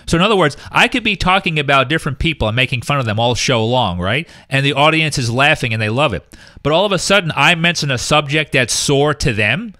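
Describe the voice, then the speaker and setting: Guy on a chat show going off on a rant, fairly high voice, sharp and punchy, dead dry sound. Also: animated, quick pace, dry recording. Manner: emphatic, ranting, acts out quotes. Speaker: guest. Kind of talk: casual podcast chat.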